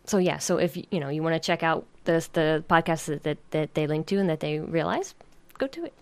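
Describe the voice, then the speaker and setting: Low-voiced, giggly woman podcast host. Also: lively intonation, fairly quick, no echo. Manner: giggly, rambling, with many fillers. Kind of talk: casual podcast chat.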